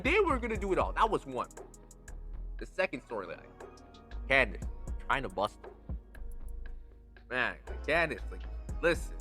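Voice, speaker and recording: A man hosting a podcast in a casual solo chat, talking with slang and emphasis, dropping to low asides and rising to excited highs. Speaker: podcast host.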